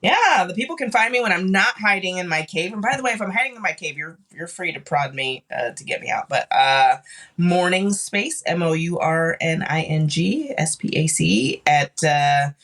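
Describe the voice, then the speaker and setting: A podcast guest with a soothing, calm voice, talking thoughtfully with many fillers in casual chat. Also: mid-range voice, moderate pace.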